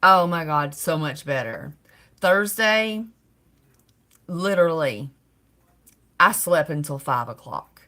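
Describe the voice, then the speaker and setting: A woman's voice: sits low, lively intonation, slow pace, pauses often, pushed and bright. A middle-aged woman hosting a casual livestream, greeting viewers by name and laughing often. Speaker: livestream host.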